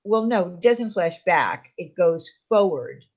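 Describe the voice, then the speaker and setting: A woman in a casual chat, explaining hesitantly with many pauses. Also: lowish voice, lively intonation, darkish tone, highs cut off.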